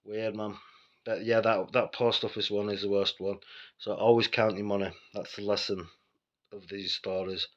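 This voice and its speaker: A man with a Yorkshire accent rambles through a casual story, blunt and sweary. His voice sits low, and the recording sounds dull and lo-fi. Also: little pitch movement, normal speed, a bit bright. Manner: rambling, sweary and blunt, with frequent asides to the listener. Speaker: vlogger telling personal stories.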